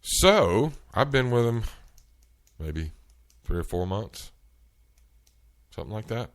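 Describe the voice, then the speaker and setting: A man hosting a show, telling an animated, exasperated story in casual chat. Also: fairly low pitch, slow. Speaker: show host. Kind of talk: storytelling rant.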